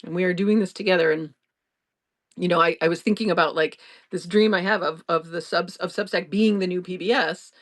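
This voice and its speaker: A woman's voice: fairly low pitch, steady tone, a little fast. A middle-aged woman hosting an improvised solo podcast, talking in an earnest, reassuring and rambling way, often restarting her sentences. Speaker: podcast host. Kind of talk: improvised casual monologue.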